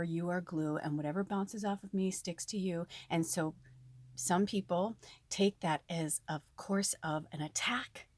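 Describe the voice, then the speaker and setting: A woman giving a casual spiritual reading to her viewers, chatty and animated, swearing now and then. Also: on the low side, dry recording. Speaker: spiritual reader.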